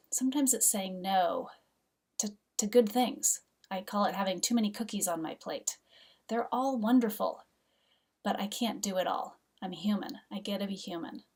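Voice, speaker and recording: A middle-aged woman giving an earnest, gentle self-help talk as a mother, sometimes dropping to a soft whisper. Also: mid-range voice, far from the mic. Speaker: host, mother and coach.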